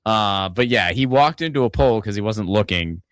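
Man from Pittsburgh, casual political host; low-ish voice, rambling stammered restarts, dry close sound. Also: expressive, normal speed, a bit bright, clear, resonant tone, dry recording. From Pittsburgh, Pennsylvania. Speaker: podcast host.

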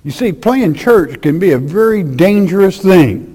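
A man preaching a folksy, emphatic sermon, swinging between loud declarations and hushed asides. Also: sits high, expressive, a little slow, slightly rough.

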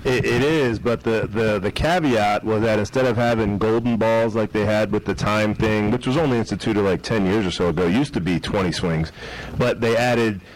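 A man co-hosting a sports radio talk show, recounting events with animated, restart-filled chat. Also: lowish voice, moderate pace, low-quality recording. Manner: animated storyteller, many restarts.

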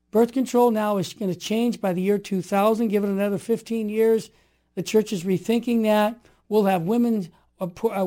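A man in his sixties telling stories as a guest, energetic and emphatic, acting out what others said. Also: high-pitched. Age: 60s. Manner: energetic and emphatic, acts out quoted voices. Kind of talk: animated storytelling.

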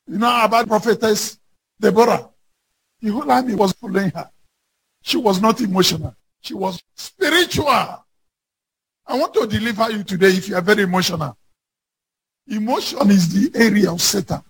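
Male preacher, very high voice, gravelly, husky, fervent sermon, shouts on key lines. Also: lively intonation. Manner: slow, emphatic scripture reading.

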